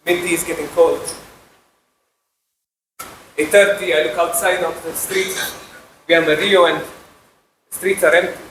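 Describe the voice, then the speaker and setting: A man delivers an intense, earnest stage monologue in a slightly high voice. His words ring out in an echoey hall over faint room ambience. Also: a bit bright, a little hiss or hum. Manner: intense, earnest first-person narration. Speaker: stage performer. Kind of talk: theatrical monologue. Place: live stage performance.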